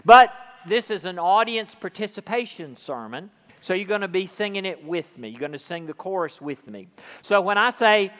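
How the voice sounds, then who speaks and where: A man's voice: high voice, lively intonation, moderate pace, fairly bright tone. A man preaching as pastor, reading scripture with drama and leading his congregation through a song. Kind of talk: sermon. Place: church sanctuary. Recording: long hall reverb.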